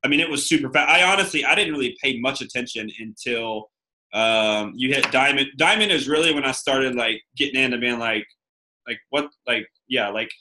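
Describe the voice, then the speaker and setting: A man chatting casually next to his wife, with a bright voice at an everyday pitch. He rambles and leans on fillers as he works through his points. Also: brisk, rough recording. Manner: rambling, many fillers like "you know" and "like". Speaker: co-host, husband. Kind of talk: casual conversational advice.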